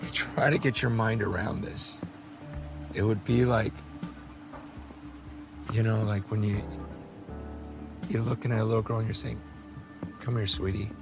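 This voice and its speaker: A man's voice: fairly low pitch, steady tone, measured pace, vocal fry, long pauses. A man preaching a sermon with urgent passion, often repeating words as he presses his point. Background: music.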